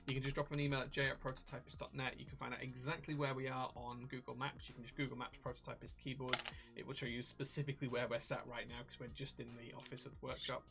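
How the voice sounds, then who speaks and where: A man's voice: medium pitch, flat delivery, vocal fry, music in the background. A man with a Yorkshire accent from Leeds, hosting a casual livestream from a keyboard workshop and reading out viewer comments. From Leeds, England. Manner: chatty, reads out chat, quick asides.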